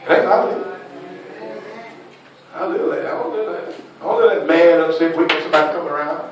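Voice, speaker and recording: A man preaching a lively sermon as pastor, calling out to the congregation and laughing between points. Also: on the high side, fast, very echoey, far from the mic, lo-fi sound, a crowd in the background. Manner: preaching with call-and-response and laughter.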